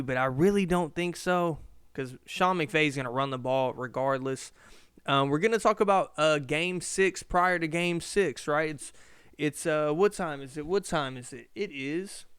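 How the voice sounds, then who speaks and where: A young man with a slight lisp hosts his own podcast in a loose, rambling way. He keeps asking himself questions and swearing casually. His voice sits a little high and sounds very smooth and crisp, recorded dry and close. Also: unhurried, a bit bright, dry recording. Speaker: podcast host.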